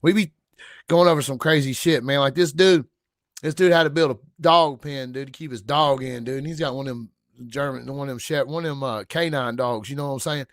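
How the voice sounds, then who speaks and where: A man hosting a casual livestream, rambling loosely with slang and profanity, giving viewers shout-outs. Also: medium pitch, brisk, no room sound, clean studio sound. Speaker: livestream host.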